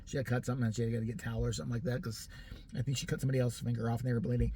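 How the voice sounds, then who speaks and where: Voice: medium pitch, level tone, rapid-fire, mellow, husky. A vlogger in their forties ranting comically, sarcastic and profane, often laughing. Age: 40s. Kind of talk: comic rant.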